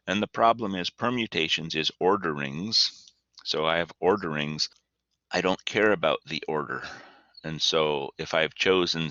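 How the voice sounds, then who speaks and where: A man gives a casual math lecture in a very low but bright, forceful voice, full of folksy asides and play-acted exchanges with an imagined student. The recording is dull and lo-fi, with a dry, close sound. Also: no echo. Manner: chatty, folksy asides, acts out student dialogue. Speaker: math teacher.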